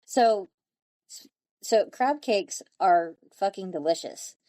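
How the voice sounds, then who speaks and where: Mellow-voiced woman co-host, dry sound. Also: mid-range voice, animated, slow pace, dry recording. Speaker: podcast co-host. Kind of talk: casual podcast chat. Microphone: video call.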